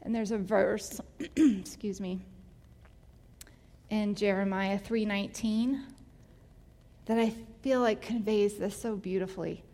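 Woman, candid emotional testimony, mid-pitched voice, long hall reverb. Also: steady tone, slow, long pauses, mellow. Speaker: speaker giving a personal testimony. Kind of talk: personal testimony talk.

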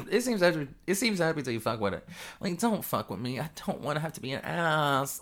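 A podcast host giving a loose, rambling solo monologue while high, often breaking into giggles. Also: very animated, fairly quick, fairly bright tone.

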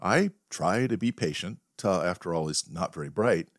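Wry low-voiced man telling a story. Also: lively intonation, moderate pace, no echo, clean studio sound. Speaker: podcast host. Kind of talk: storytelling monologue.

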